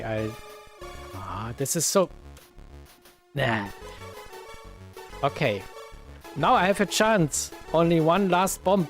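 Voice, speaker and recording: German guy streaming old games, slow and kinda high voice, lots of uhs, faint game music behind. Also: fairly bright tone. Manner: slow, thinking aloud with many fillers, bursts of exclaiming at the game. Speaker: retro gaming streamer. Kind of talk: casual live-stream commentary.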